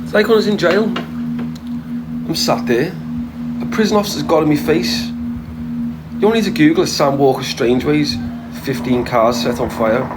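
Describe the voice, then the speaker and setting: A man's voice: on the high side, a little fast, over loud music, rough recording. A man with a Liverpool accent telling a brash, boastful story, swearing freely and rambling with restarts. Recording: steady background noise.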